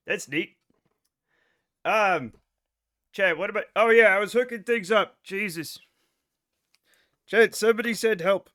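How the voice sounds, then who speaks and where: Bright-voiced rambling man streaming. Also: high voice. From United States. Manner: rambling, scattered, self-mocking. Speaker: game streamer. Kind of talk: casual livestream chat.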